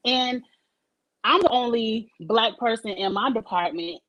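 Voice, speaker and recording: A woman's voice: fairly high pitch, a little slow, a bit bright, highs cut off. Outspoken woman hosting a live chat. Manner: emphatic, candid, swears freely. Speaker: host of a live-streamed talk show; supervisor at work. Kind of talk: casual live-stream chat. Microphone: video call.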